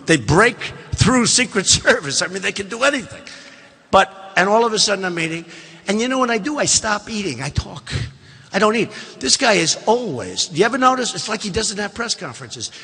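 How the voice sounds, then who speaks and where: A man's voice: sits high, big pitch swings, a little fast, pushed and bright, husky. A man in his seventies giving a rambling, boastful campaign rally speech with mocking asides to the crowd. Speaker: political candidate. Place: large indoor events hall. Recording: long hall reverb from a live rally.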